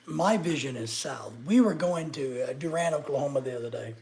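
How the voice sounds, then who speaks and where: A man's voice: fairly high pitch, animated, fairly quick, darkish tone, a little hiss or hum. A middle-aged man from Arkansas, chatting casually with viewers on a livestream and teasing them sarcastically. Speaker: livestreamer answering chat.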